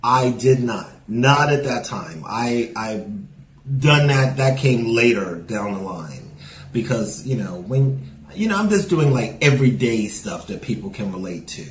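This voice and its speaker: Here the man's medium-pitched voice is animated but measured in pace, captured with a roomy sound, slight background noise and poor audio quality. He is a stand-up comic guesting on a casual podcast, speaking New York English with a Southern lilt and leaning often on "you know."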